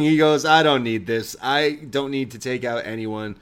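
A man's voice: a little high, steady tone, measured pace, fairly bright tone, clear, resonant tone. A man co-hosting a wrestling review show, recapping scenes in casual chat and quoting the wrestlers' lines. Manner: recounts scenes, quoting lines in put-on voices.

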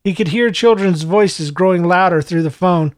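Higher-voiced male audiobook narrator. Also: normal speed, no room sound, studio quality.

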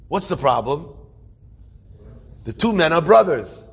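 A man's voice: on the high side, very animated, measured pace, creaky, husky. A man telling an inspirational story as a sermon, acting out the characters and building to emphatic preaching.

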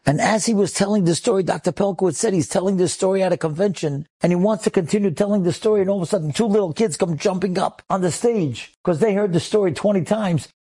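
A man's voice: high voice, fast, hardly any pauses, dark tone, husky. A man, a rabbi, telling an inspirational story with emotive delivery that rises in intensity. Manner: emotive, builds to rising intensity.

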